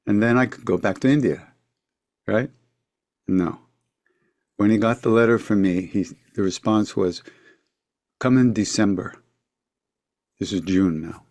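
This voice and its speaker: An older man, telling a story as a podcast guest, reflective, with quiet asides trailing off. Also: on the low side, normal speed, pauses often, no room sound. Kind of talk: storytelling in a conversation.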